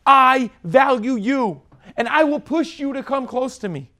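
A man giving an impassioned sermon as a rabbi, moving between soft and forceful delivery. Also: very high voice, animated, a little slow.

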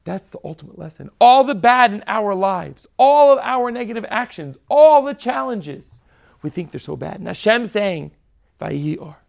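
A man preaches a sermon, his voice sitting very high. There is a gravelly, crackly texture to his tone. He swings between hushed pleading and forceful emphasis. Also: big pitch swings, moderate pace. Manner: impassioned preaching, shifting between soft and forceful. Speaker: rabbi.

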